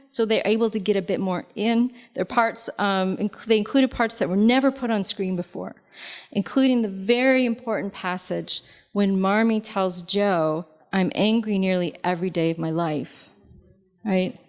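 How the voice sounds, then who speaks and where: A woman author giving a public talk in a library lobby, speaking conversationally with many fillers and lively asides. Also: medium pitch. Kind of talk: public lecture.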